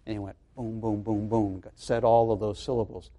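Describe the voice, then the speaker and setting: A man's voice: fairly low pitch, flat delivery, normal speed, warm tone. A middle-aged man preaching a sermon to his congregation, telling a story in a conversational way with frequent fillers and restarts. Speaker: pastor.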